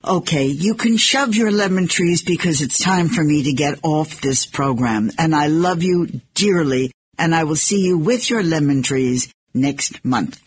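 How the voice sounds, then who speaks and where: A woman hosts a relaxed interview with a teasing, affectionate manner. Her voice sits on the low side for a woman. A faint hiss runs underneath. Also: measured pace, hardly any pauses. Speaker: radio host. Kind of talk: casual interview.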